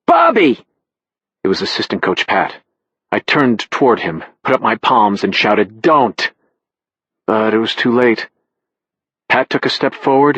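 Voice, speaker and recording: Husky, low male audiobook narrator. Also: fairly bright tone, no echo, poor audio. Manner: measured, matter-of-fact storytelling. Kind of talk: first-person audiobook narration.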